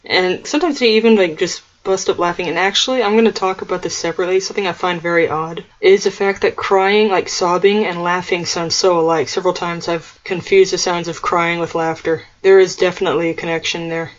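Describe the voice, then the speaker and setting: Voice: mid-range voice, steady tone, a little fast, few pauses, dull audio. A vlogger delivering a solo monologue rant in a scornful, mocking, conspiratorial manner.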